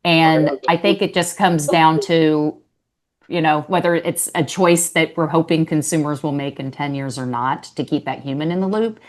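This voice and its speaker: A woman speaking on a panel discussion in a measured, reflective way. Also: sits low. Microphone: webinar call.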